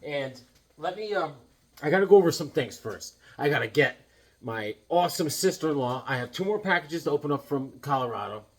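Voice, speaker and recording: A man's voice: on the high side, lively intonation, a little fast. A tired man hosting a comic collecting channel from his home comic room, telling stories in a jokey, rambling way. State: tired from lack of sleep. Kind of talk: casual rambling storytelling.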